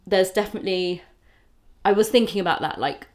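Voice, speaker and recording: A woman comedian chatting on a podcast, telling rambling, animated stories with swearing and acted-out quotes. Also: medium pitch, brisk. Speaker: comedian guest. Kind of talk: casual podcast chat.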